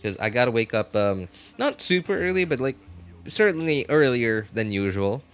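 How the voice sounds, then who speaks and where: A man's voice: mid-range voice, expressive, normal speed, fairly bright tone. Guy streaming games, chatting with chat, laughs a lot, faint music going behind him. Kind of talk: casual live-stream chat.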